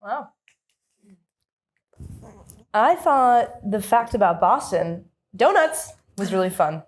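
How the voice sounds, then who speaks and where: A woman's voice: mid-range voice, sing-song, slow pace. A young woman playing a professor who grades contestants in a comedy game show, speaking with mock-stern deliberation. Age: young adult.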